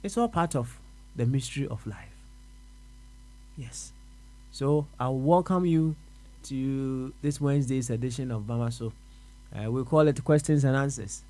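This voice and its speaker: A man with a Ghanaian accent hosting a radio question-and-answer show, musing aloud, repeating words and answering himself with soft uh-huhs. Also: medium pitch, a little slow, pauses often. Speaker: radio host. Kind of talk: reflective radio talk.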